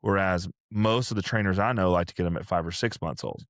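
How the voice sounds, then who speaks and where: Low-voiced chatty man. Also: fairly quick, fairly bright tone, no room sound, clean studio sound. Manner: rambling, chatty, with many fillers and restarts. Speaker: retriever trainer and kennel owner. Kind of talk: casual podcast conversation.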